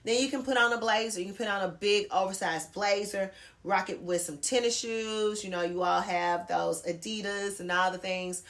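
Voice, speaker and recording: A woman's voice: mid-range voice, steady tone, moderate pace, a bit bright. Chatty woman doing a haul. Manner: chatty, addresses viewers as girl and y'all. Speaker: fashion vlogger. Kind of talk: casual try-on haul chat. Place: home bedroom near a closet.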